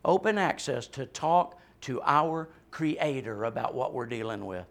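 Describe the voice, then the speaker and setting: A man's voice: medium pitch, expressive, unhurried, creaky, a bit bright. A male pastor preaching a sermon with passion and emphasis, often adding a questioning "right?" and laughing lightly between points.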